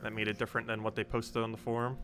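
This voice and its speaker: Over background music, this young streamer speaks very fast in a lowish, level voice. He rambles casually with many ums, playing his game and replying to chat as he goes.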